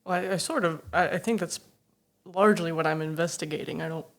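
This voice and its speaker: A woman player in a tabletop game, talking in character and at the table, animated and self-interrupting. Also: sits low, fast. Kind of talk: in-character play and table talk.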